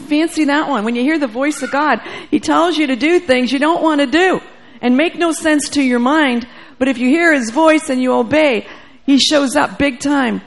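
A woman's voice: high-pitched, moderate pace, gravelly. A woman preacher telling a testimony in a sermon, acting out the dialogue and growing fervent. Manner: storytelling, acts out dialogue, grows fervent.

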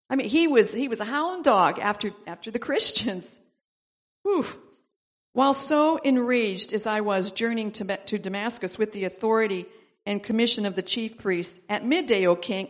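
A woman preaching a sermon, reading scripture aloud with asides, then building to emphatic repeated exhortations. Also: fairly high pitch. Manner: reads verses aloud, breaks off with asides and laughs.

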